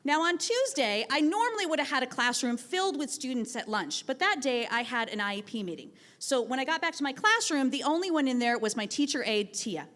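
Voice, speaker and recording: A woman teacher telling a personal story live on a theatre stage, acting out the voices of the people she quotes. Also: a little high. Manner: animated, acts out quoted voices.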